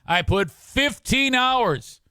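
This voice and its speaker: A man's voice: extremely high pitch, lively intonation, extremely slow, pushed and bright, clear, resonant tone, no echo, studio quality. A man hosting a podcast, talking bluntly and swearing freely as he reads out comments and does live ad reads. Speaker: podcast host. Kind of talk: casual talk and live ad reads.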